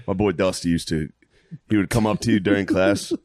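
A man's voice: low-pitched, fairly even intonation, fairly quick, darkish tone. A man in casual comedy chat, telling crude stories between laughs.

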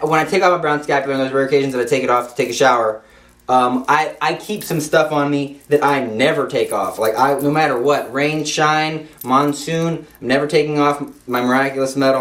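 A young man giving an informal Catholic devotional talk in an emphatic, repetitive way, with playful asides. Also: mid-range voice. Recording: echoey room, speaker off-mic.

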